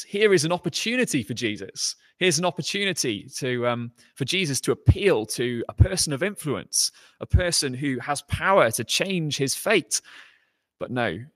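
A man preaching a sermon in a conversational way, voicing quoted lines with lifted pitch and emphasis. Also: fairly bright tone, dry recording, clean studio sound.

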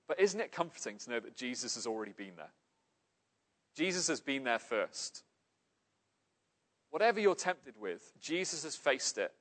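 A man's voice: medium pitch, a bit bright. A man from Cardiff preaching a sermon in an earnest, emphatic way. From Cardiff, Wales.

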